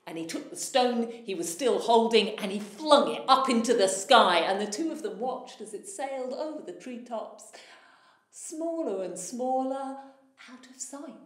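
A woman storyteller telling a folktale aloud in an animated way, swelling in loudness at the dramatic moments. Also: on the high side, unhurried. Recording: echoey room.

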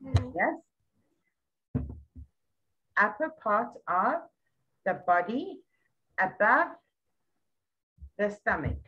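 Woman teaching a little kid, slow and patient, lots of praise, bouncy up-and-down voice. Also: medium pitch, big pitch swings, sharp tone, muffled recording. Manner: patient, praising, repeats words slowly. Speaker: English tutor. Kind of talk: one-on-one lesson with a child.

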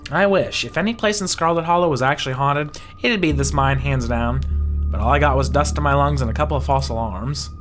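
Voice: medium pitch, brisk, soft background music, lightly acted. A game reader voicing a fearless woman ghost hunter who talks in a breezy, teasing way. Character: upbeat woman ghost-hunting streamer, fearless.

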